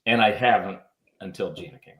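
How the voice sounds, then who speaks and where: A man, a musician and guest on a radio show, telling stories about his band in an animated way. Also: sits low, fairly quick, roomy sound, low-quality recording. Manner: animated storyteller, lively quoted voices. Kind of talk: storytelling in interview.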